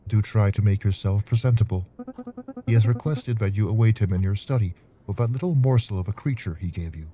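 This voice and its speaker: A man voices a stern aristocratic mother in a game, chiding her son in formal, old-fashioned words. The voice sits low and mellow. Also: brisk, faint music behind, close to an everyday voice.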